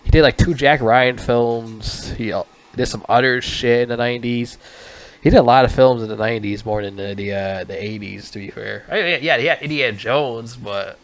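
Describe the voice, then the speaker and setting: A man's voice: medium pitch, moderate pace. A man giving a casual spoken movie review, rambling, swearing often and stumbling over his words.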